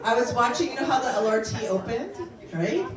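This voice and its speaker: A woman's voice: fairly high pitch, animated, a little fast, background noise. Brash woman emceeing a comedy show. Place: comedy club basement. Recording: echoey room from far off, crowd behind.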